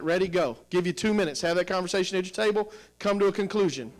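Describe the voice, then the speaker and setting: A high-pitched middle-aged man runs a professional development session for teachers in a school room. He talks in an energetic, questioning way, prodding the tables for answers. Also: fast talker, hardly any pauses, rough recording. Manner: energetic, questioning, coaxing the audience. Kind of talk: teacher training workshop.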